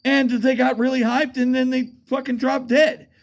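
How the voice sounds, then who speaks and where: A man's voice: very high-pitched, level tone, normal speed. A man rambles through a casual monologue. He swears freely, trails off, and circles back with fillers and repeated starts, as if talking off the cuff outdoors at night. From United States. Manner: profane, meandering, with frequent fillers and restarts.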